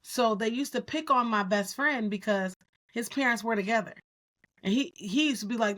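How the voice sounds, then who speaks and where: A woman co-hosting a podcast, speaking candidly and telling stories in an animated way. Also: on the high side, normal speed. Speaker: podcast co-host. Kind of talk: casual podcast discussion.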